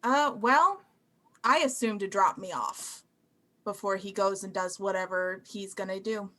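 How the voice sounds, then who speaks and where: A woman's voice: mid-range voice, a little slow, bright, forceful tone. A woman playing a sarcastic, put-upon female adventurer who rambles through dry asides.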